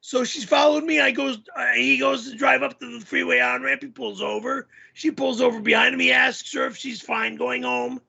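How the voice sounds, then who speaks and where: Kenny Rigatoni, high gravelly yeller. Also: male voice, steady tone, moderate pace, hardly any pauses, muffled recording, exaggerated voice. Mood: storytelling. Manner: rambling storytelling with frequent shouting and swearing. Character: loud yelling middle-aged man character. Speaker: show host.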